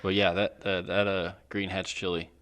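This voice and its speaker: Deep-voiced man giving short agreeing replies. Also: little pitch movement, normal speed, a bit bright, clean tone. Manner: brief agreeing responses. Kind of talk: casual chat.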